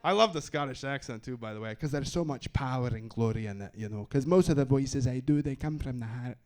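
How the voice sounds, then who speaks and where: A man's voice: mid-range voice, fairly quick, a little mellow. A man performing stand-up comedy on a club stage with a handheld mic, wry and self-mocking, with punchy timing.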